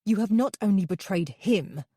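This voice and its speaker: A woman voicing an indignant woman therapist who fiercely defends her patient, speaking in sharp, outraged outbursts. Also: mid-range voice, expressive, moderate pace, husky, no echo, studio quality. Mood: furious.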